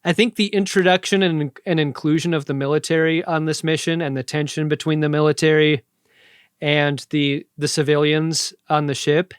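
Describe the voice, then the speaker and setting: A man chats as a podcast co-host, his voice sitting a touch high. He talks in an animated, jokey way and drops into quick impressions. The sound is dry and close, with no room around it. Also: smooth, dry recording. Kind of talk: casual chat.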